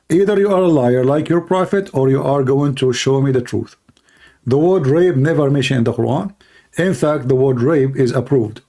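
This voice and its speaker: A man arguing in a heated livestream debate, challenging listeners in broken, non-standard English and clearing his throat often. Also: medium pitch, a little mellow.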